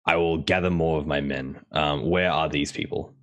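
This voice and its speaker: A man's voice: a bass voice, steady tone, normal speed, lo-fi sound. A man voicing a stern, zealous male paladin commander who declaims his orders solemnly. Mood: resolute.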